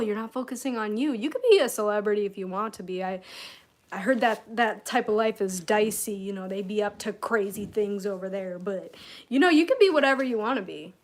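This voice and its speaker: A woman from Michigan chatting on a livestream at home, giving self-help advice and reading comments, laughing often and filling with "you know.". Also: medium pitch. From Michigan, USA. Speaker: self-help mentor streamer. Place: at home, room with candles and incense.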